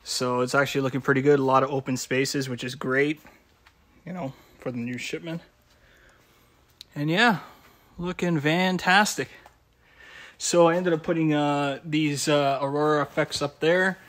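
A man's voice: a little high, fairly even intonation, normal speed, long pauses, a bit bright. A man from Canada running a shop, talking casually through a warehouse vlog, rambling with many fillers and little chuckles. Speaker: shop owner and vlogger. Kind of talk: casual behind-the-scenes vlog. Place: indoor warehouse.

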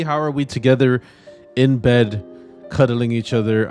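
A man's voice: mid-range voice, a little slow, faint music behind. A man hosting a casual let's play, joking crudely and rambling as he plays. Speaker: gaming video host. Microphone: desk mic, no camera.

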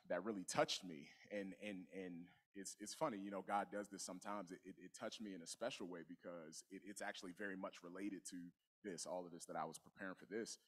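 In a church sanctuary, a young, low-pitched guest preacher gives a sermon, telling his own story in a relaxed, conversational testimony style. He restarts often and says "you know" a lot.

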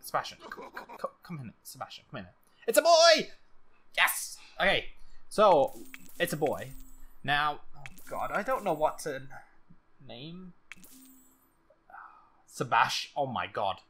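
Excitable let's-play host, lively bright voice. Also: mid-range voice, unhurried, long pauses, slightly rough. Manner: excitable, jumpy, frequent laughs and exclamations. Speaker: gaming channel host.

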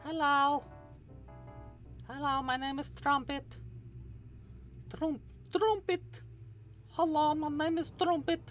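A crochet host voicing an adorable little baby seahorse with a high, squeaky sing-song accent. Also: level tone, slow pace, long pauses, fairly bright tone, soft background music. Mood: cute. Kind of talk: playful voice put on during a crochet livestream.

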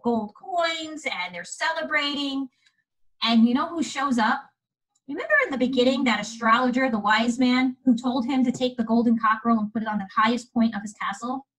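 Husky woman telling a story to children. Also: sits high, poor audio. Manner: animated, chatty, asks the audience questions. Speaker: museum educator.

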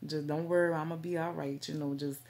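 Low gravelly woman vlogging to camera. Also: little pitch movement, fairly quick, darkish tone. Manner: rambling, repetitive fillers. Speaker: faith vlogger. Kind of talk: casual talk to camera.

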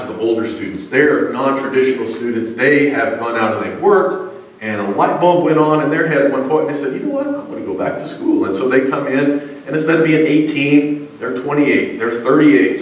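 A man gives a sermon in an easygoing, conversational way, telling stories and pausing with frequent fillers. His mid-range voice is picked up from a distance. It bounces around a highly reverberant church sanctuary. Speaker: pastor and college psychology teacher.

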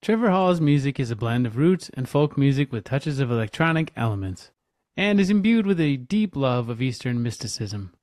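A man's voice: medium pitch, very animated, normal speed, darkish tone, no echo, studio quality. A man co-hosting a podcast, chatting easily and reading a show introduction, with frequent laughs. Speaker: podcast co-host. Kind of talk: podcast chat and scripted intro.

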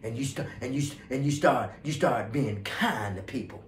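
A male pastor preaching a fervent sermon, swinging from hushed passages to loud ones. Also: mid-range voice, moderate pace, echoey room, a little hiss or hum. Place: church sanctuary.

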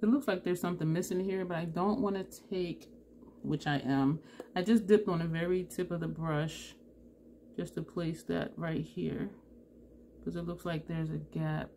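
Woman, makeup tutorial chat, low warm voice, thinking aloud, faint background noise. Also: fairly even intonation, vocal fry. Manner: thinks aloud, unhurried, self-correcting. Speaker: beauty vlogger.

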